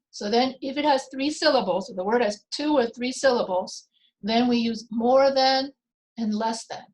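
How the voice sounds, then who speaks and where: A woman teaching a grammar lesson, explaining slowly and deliberately with repeated example sentences. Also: fairly high pitch, poor audio. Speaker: writing teacher.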